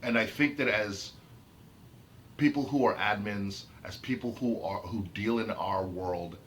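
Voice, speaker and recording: A man's voice: fairly low pitch, measured pace, fairly bright tone, slight background noise. A man ranting about his autism in an unscripted vlog, heated and emphatic, repeating and restarting his phrases. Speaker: autistic vlogger. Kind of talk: unscripted rant to camera.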